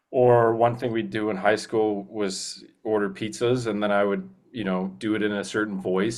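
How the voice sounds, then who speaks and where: A young man, a voice actor talking earnestly in a casual interview, rambling with many restarts. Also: on the low side. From Canada. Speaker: guest voice actor.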